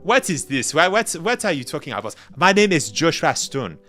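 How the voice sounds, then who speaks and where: A man voicing an excitable West African male soldier who sputters out incredulous questions. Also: a little high, moderate pace, soft background music, pitched above the performer's own voice.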